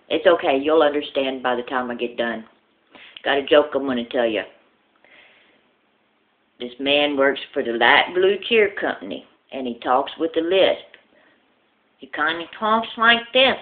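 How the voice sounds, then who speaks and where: Lower-voiced woman joke teller, tinny phone-like audio. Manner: drawn-out, listing storyteller pacing. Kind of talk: casual joke telling.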